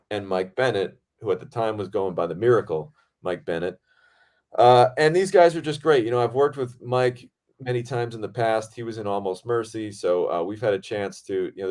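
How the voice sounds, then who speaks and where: A man with a fairly low voice chats on a podcast about his days on set. He talks in an excitable, animated way and swears freely as the story builds. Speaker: podcast host and film director. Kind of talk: casual storytelling chat.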